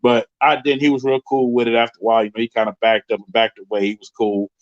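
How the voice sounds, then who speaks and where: New man, 30s, live-stream host, lively storyteller who mimics other voices, dry muffled sound. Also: mid-range voice, quick pace, dry recording. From Queens, New York. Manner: animated, acts out the voices of people in his story. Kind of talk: casual storytelling on a livestream.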